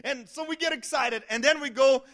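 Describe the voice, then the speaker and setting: High-voiced animated male pastor preaching. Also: moderate pace. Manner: animated preaching, acts out quotes, shouts for emphasis. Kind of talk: sermon.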